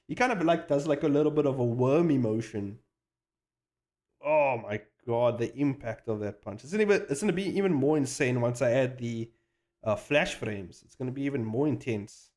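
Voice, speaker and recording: A man chatting casually on a live stream while he animates, excitable and hyping himself up, swearing freely, rambling with restarts and slang. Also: mid-range voice. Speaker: animator streaming his work.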